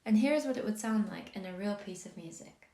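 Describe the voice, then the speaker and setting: Calm woman teaching in a roomy space. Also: medium pitch, fairly quick. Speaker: music theory teacher. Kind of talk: scripted explanatory narration. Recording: roomy echo on the voice.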